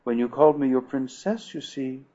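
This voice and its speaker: A man voicing a young Martian princess in an audiobook, formal and measured in her sorrow. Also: mid-range voice, warm tone, muffled recording, lightly acted. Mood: sorrowful. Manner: formal, measured, old-fashioned speech. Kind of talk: audiobook reading.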